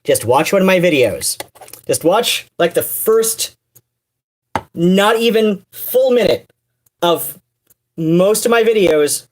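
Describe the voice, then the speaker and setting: Rambling woman with a low voice. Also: expressive, slow, pauses often, slight background noise. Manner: rambling, many fillers and restarts, wry asides. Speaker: streamer. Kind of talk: casual livestream chat.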